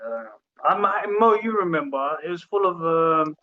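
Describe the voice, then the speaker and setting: A man's voice: fairly high pitch, moderate pace. Young man telling a story. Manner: relaxed storytelling, laughing, slang. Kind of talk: casual chat. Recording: dull muffled audio.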